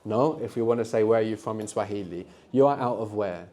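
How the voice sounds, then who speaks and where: A man's voice: fairly low pitch, brisk, warm tone. A man teaching a live beginners' language workshop, patiently explaining and prompting students to answer.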